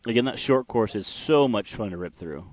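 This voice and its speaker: A man's voice: on the low side, animated, brisk, a little mellow, dry recording. A man giving casual live commentary on an off-road race, chatty and joking, with restarts and fillers.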